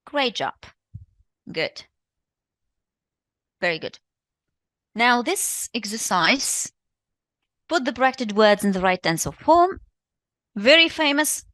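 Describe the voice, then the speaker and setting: A woman's voice: fairly high pitch, a bit bright, no room sound. Tunisian woman teaching, dry close sound. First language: Tunisian Arabic. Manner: encouraging, repeats praise and answers. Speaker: English teacher. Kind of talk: live online exam revision lesson.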